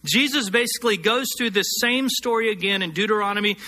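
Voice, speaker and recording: A man preaching a sermon, earnest, slowing down and rising in pitch to stress scripture passages. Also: pushed and bright, a little hiss or hum. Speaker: pastor.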